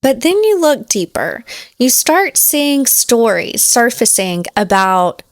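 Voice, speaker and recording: A woman's voice: fairly high pitch, very animated, slow, dry recording, clean studio sound. A woman host giving earnest, reflective commentary on faith and fame. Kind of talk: commentary narration.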